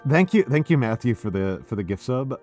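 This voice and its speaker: A man's voice: medium pitch, big pitch swings, fairly quick, a little mellow, faint music behind. An older American man hosting a casual, tipsy drinking stream, rambling and self-deprecating, swearing freely. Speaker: streamer host.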